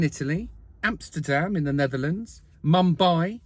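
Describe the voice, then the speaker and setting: Man, comic fact rundown, high lively voice, husky edge, dry sound. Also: normal speed, dry recording. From London, England. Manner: sweary, animated, jokey asides. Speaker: video host. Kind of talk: comic fact-list monologue.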